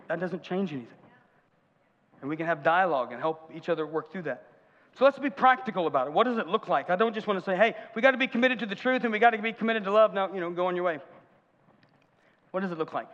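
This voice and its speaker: A man's voice: sits high, a bit bright. A man preaching a conversational sermon as pastor, with humorous asides and audience questions. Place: church sanctuary. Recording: muffled church hall reverb.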